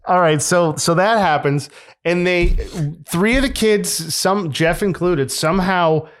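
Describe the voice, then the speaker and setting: Young guy on a podcast, smooth clear voice, keeps cracking up and cussing. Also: sits high, unhurried, fairly bright tone. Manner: laughs often and swears casually. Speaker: podcast co-host. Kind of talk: casual chat retelling a film plot.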